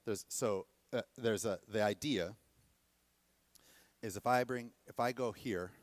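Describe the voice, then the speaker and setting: A man teaching a dance workshop to a class, animated and often checking that the students are following. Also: fairly low pitch, measured pace, dry recording. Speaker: dance instructor.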